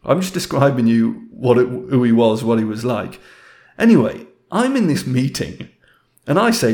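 A man speaks in a middle-pitched voice, recounting a story from his working life. His delivery is casual, candid and reflective, with a self-deprecating edge. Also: sing-song, normal speed. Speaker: speaker sharing a career story.

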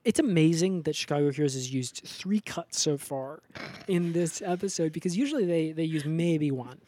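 A man co-hosting a comedy podcast, recapping a show in a deadpan, rambling way full of fillers. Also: a little high, normal speed. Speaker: podcast co-host. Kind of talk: comedic episode recap chat.

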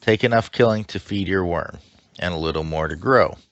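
A man's voice: low voice, normal speed, no echo. A man voicing a ruthless male alien king who lays down harsh law in a commanding, declaiming way. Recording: dull lo-fi mic with faint hiss.

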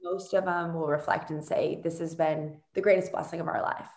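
A woman's voice: sits low, fairly even intonation, brisk, a little mellow. A woman hosting a podcast interview, affirming and encouraging her guest in a casual chat. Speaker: podcast host. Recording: echoey room.

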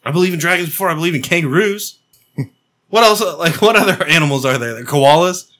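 A man's voice: a little high, animated, a little fast, a bit bright. A man bantering casually with friends, joking and swearing in mock seriousness.

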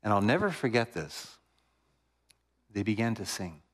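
Middle-aged male preacher, low voice, animated storyteller with hushed moments. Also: measured pace. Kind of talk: sermon storytelling.

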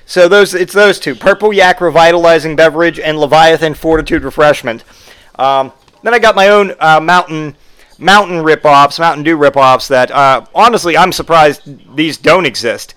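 Man, fairly high voice, sarcastic, jokey comedy podcast rant. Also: moderate pace, fairly bright tone, clean tone. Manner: sarcastic, joking, mock-advertising voices. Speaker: podcast host.

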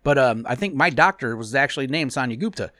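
A man's voice: mid-range voice, lively intonation, bright, forceful tone, no room sound. A man, co-hosting a podcast, teasing and swearing in casual chat. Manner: teasing, swearing, quick to mock. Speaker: podcast co-host.

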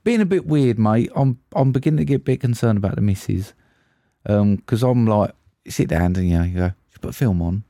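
A man's voice: mid-range voice, fairly quick, mellow, no room sound, studio quality. A chatty, sweary Englishman on a podcast. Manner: chatty storyteller, blunt and sweary. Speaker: podcast co-host. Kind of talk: casual chat.

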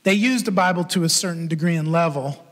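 A male pastor delivers a storytelling sermon with a high-pitched, bright, forward voice. He is animated and acts out the voices in his story. The sound rings with the long reverb of a large hall. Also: fairly quick. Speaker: pastor and podcast host.

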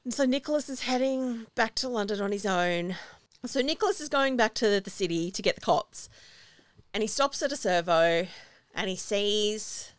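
A woman recapping a film in relaxed podcast chat. Her voice is smooth and clear, recorded dry and close. She tells the story in an animated way, acting out the lines she quotes. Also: mid-range voice, moderate pace, no room sound. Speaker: podcast co-host.

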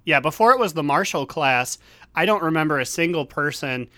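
Joking male co-host, higher voice, dry close mic. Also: animated, a little fast, bright, forceful tone, no room sound. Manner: joking, playful. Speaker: podcast co-host. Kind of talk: casual gaming chat.

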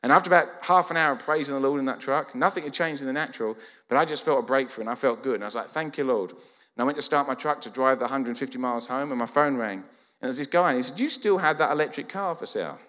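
Fast male preacher, 40s, medium pitch, long church-hall reverb, animated storyteller. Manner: lively, acts out quoted dialogue. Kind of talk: storytelling sermon.

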